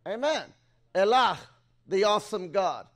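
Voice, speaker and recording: In a church sanctuary, a man with a high-pitched voice preaches an excitable sermon, calling out to the congregation and pausing so a live interpreter can translate.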